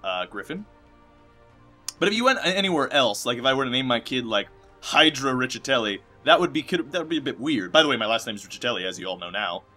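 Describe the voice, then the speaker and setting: Bright-voiced young man rambling over game credits. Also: mid-range voice, animated, fast, soft background music. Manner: rambling, jokey, swings between loud bursts and mumbling. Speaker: let's play host.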